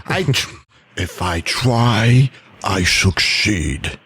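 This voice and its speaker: A man doing a clumsy, confused impression of an old politician, halting and stumbling over his words. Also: lowish voice, expressive, fairly bright tone, slightly rough, no room sound, voice pushed down, exaggerated voice. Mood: bumbling. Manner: halting, stumbling, self-deprecating. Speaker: comedy podcast host.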